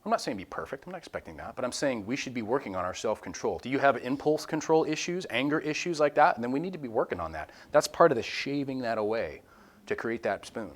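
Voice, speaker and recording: A man's voice: medium pitch, lively intonation, fast. A man leading an informal Bible study with a group, talking candidly and animatedly and acting out quoted voices. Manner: candid and self-deprecating.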